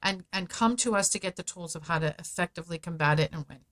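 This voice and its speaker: A woman's voice: fairly low pitch, a bit bright. Emphatic, persuasive woman guest. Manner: emphatic, persuasive, speeds up and slows for stress. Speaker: guest, founder of a parents' advocacy group. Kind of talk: podcast interview.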